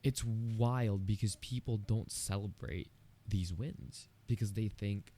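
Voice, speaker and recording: A man with a lowish, mellow voice speaks in a solo podcast monologue. He sounds earnest and candid, encouraging listeners directly. He talks casually, with plenty of "you know" asides. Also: steady tone, slow. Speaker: podcast host.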